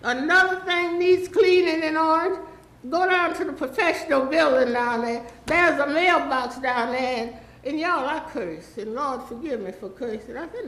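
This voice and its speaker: A woman's voice: high voice, moderate pace, a bit bright, roomy sound, slight background noise, rough recording. A woman, rambling and pleading through a public comment at a city council meeting. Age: 80s.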